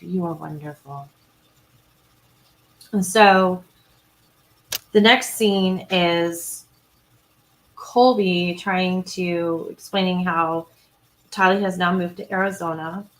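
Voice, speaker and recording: A woman with a lowish, fairly bright voice hosts a casual true crime livestream, chatting as she recaps scenes and reads viewer comments aloud. She greets and answers viewers, with frequent ums and restarts, and the recording is rough.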